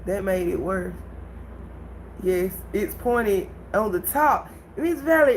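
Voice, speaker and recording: Animated woman telling a livestream story. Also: mid-range voice, slow pace, a little hiss or hum, low-quality recording. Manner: animated, laughs often, addresses viewers directly. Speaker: livestream host.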